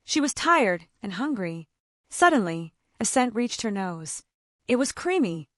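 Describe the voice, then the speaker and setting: A woman storyteller narrating a children's fable with a scripted, gently dramatic reading. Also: mid-range voice, sing-song, a little slow, dry recording, clean studio sound.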